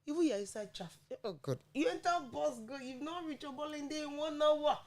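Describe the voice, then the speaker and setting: A woman's voice: sits high, fairly quick, darkish tone. A woman with a Nigerian accent, co-hosting a gospel radio show in a firm, teasing, scolding way. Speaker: radio co-host.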